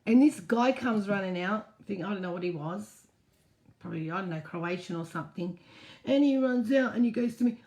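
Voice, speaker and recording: A woman chats casually on her live stream, answering viewers one by one. She talks frankly and swears now and then, at an ordinary pitch. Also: animated, fairly quick, darkish tone. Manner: chatty, reads viewer comments aloud and answers them. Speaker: host.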